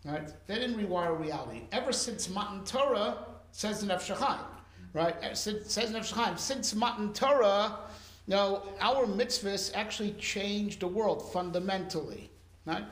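A man's voice: high-pitched, moderate pace, a bit bright, reverberant. A man teaching a casual Torah class, talking conversationally with Hebrew and Yiddish terms and frequent "right?" checks.

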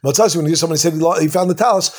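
A man teaching a casual Talmud class, quickly translating the text line by line with asides. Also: fairly high pitch, husky.

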